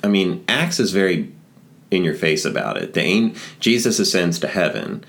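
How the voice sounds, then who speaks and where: A man's voice: low voice, sing-song, moderate pace, creaky, a bit bright. A man co-hosting a casual podcast discussion, speaking in an enthusiastic, reflective way. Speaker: podcast co-host.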